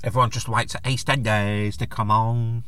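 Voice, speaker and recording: A man's voice: mid-range voice, flat delivery, moderate pace, fairly bright tone. A man hosting his own solo podcast, ranting in a blunt, crude, joking way with plenty of swearing. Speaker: podcast host. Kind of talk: casual solo podcast rant.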